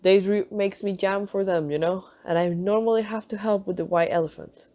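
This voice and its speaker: A woman's voice: mid-range voice, steady tone, normal speed, lo-fi sound, lightly acted. A woman reading aloud, voicing a mild and doubtful middle-aged accountant who speaks hesitantly. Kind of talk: audiobook character reading.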